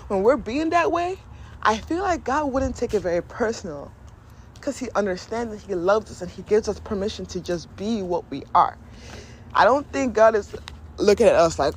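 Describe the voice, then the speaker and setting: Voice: mid-range voice, very animated, normal speed, slight background noise. A podcast host talking candidly and emotionally in a casual spiritual monologue, often laughing and acting out inner voices.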